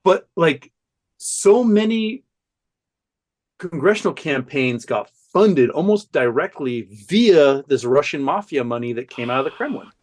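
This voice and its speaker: A man talking as a podcast guest, telling a story in an animated, profane way and laughing often. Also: fairly high pitch, a little slow. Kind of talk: casual storytelling chat.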